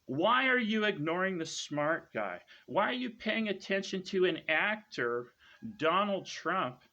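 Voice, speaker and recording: Smug lecturing man, bright lo-fi sound. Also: high voice, big pitch swings, measured pace. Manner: lecturing, repeats "right?" after each claim; smug, scornful. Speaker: online commentator. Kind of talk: ranting monologue to viewers.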